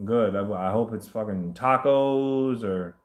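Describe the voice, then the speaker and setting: A man chatting casually as the host of a livestream question session, rambling, animated and swearing often. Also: fairly low pitch, takes it slowly, echoey room. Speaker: host answering viewer questions.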